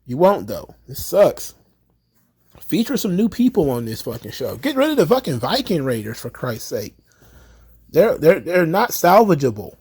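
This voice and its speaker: A man's voice: fairly high pitch, sing-song, normal speed, husky. A man ranting about wrestling in casual commentary, exasperated and profane, his voice climbing as he gets worked up. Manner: exasperated, profane, rising to loud rants.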